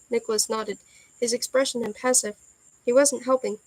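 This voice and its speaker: A woman reads a first-person novel aloud in a soft, earnest storytelling manner. Her voice sits a little high. The recording is dry and close, with no room echo. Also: steady tone, fairly quick. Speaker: audiobook reader.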